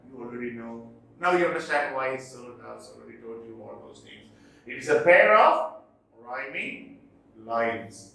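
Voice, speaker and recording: A man teaching English literature in a classroom lecture, explaining points slowly and repeating what matters for the exam. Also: on the high side, bright, forceful tone. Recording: echoey room, voice from a distance.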